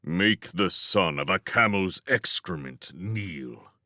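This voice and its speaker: A man voicing an angry older male sultan with a low voice that trembles with anger. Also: animated, slow, sharp tone, no echo, clean studio sound, exaggerated voice.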